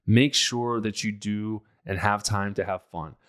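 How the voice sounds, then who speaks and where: A man's voice: lowish voice, unhurried, a bit bright. A man hosting a relationship podcast, giving casual advice in a blunt, emphatic, conversational way.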